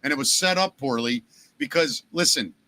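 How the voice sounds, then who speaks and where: A man with a Baltimore accent hosting a podcast, telling jokey stories in a lively, animated way. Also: mid-range voice, normal speed. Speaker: podcast host. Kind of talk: casual chat.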